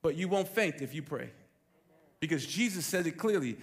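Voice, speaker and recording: Pastor, male, high and gravelly, preaching with animated emphasis. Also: fairly quick. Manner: animated, emphatic, rhetorical questions. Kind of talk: sermon.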